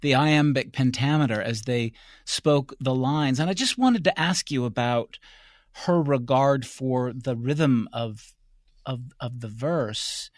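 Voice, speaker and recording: A man hosting a public radio interview, measured and easy, asking long framing questions. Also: mid-range voice, no echo, studio quality. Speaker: radio host.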